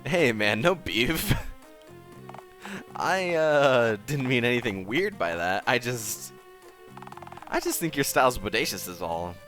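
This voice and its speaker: A man's voice: medium pitch, sing-song, fairly bright tone, soft background music. A man voicing a young, laid-back surfer dude who drawls slang like gnarly and bodacious. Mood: easygoing. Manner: slangy, drawn-out dude talk.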